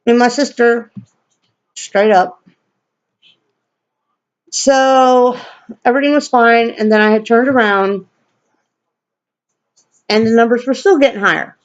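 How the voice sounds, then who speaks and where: A woman's voice: fairly high pitch, takes it slowly, long pauses, muffled recording. A woman vlogger telling a personal story in a blunt, profane, rambling way.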